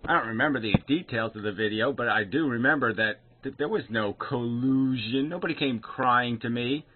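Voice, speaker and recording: A man's voice: mid-range voice, normal speed, a little hiss or hum. A man recording an angry, profane, sarcastic response video, picking apart another man's claims. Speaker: video commentator. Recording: tinny phone-like sound.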